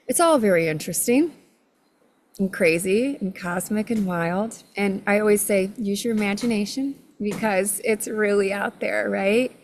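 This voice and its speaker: A middle-aged woman, an energy healer, telling her story as a guest with an expressive, loud, laughing manner. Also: mid-range voice, slight background noise. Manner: expressive, laughs often, self-described loud. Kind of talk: animated storytelling in conversation.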